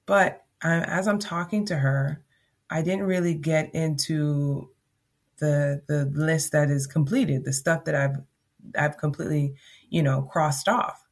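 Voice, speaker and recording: A woman's voice: low-pitched, a little slow. A woman from Jamaica hosting a podcast, talking through a casual solo monologue in a chatty, rambling way with emphatic repeats. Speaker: podcast host.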